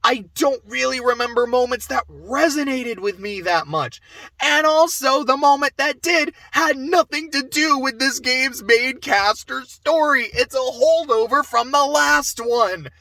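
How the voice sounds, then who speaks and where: A young man giving a casual spoken game review, animated, swearing and going off on asides. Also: extremely high pitch, unhurried, gravelly, no room sound. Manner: animated, swears, laughs often, trails off into asides.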